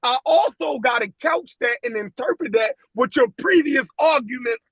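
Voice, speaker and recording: High-voiced man debating casually. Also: lively intonation, normal speed, a bit bright, slightly rough, no echo. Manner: slangy, repeats "you dig what I'm saying". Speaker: podcast co-host.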